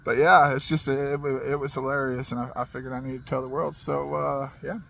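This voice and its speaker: A man telling a funny story from his childhood in a rambling, animated way. He laughs as he talks and uses many fillers and restarts. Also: mid-range voice, fairly quick, creaky, a little hiss or hum, poor audio. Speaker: channel host. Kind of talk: casual storytelling monologue.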